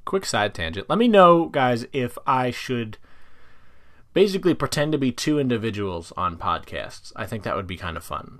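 A man hosting a casual solo podcast, talking in an animated way and jumping into side tangents. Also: mid-range voice, normal speed. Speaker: podcast host.

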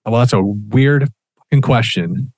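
A man co-hosting a podcast, telling a personal story in casual chat, animated and acting out quoted dialogue with casual swearing. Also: medium pitch, unhurried, no room sound. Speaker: podcast co-host.

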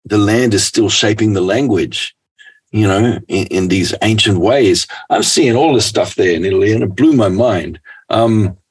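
Husky aussie guy rambling, laughing, lots of you knows. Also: fairly low pitch, moderate pace. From Australia. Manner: rambling, laughs often, many fillers. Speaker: guest author. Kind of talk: relaxed conversation.

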